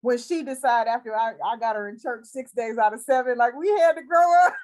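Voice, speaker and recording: A woman hosting a faith podcast, talking in lively casual chat that turns into an earnest spoken prayer, laughing often. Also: a little high, moderate pace, low-quality recording. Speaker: podcast host.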